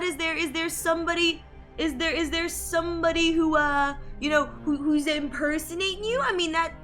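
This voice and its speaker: A woman's voice: very high-pitched, pushed and bright. A young woman chatting casually on a live art stream, giggly and playfully anxious as she talks to her chat.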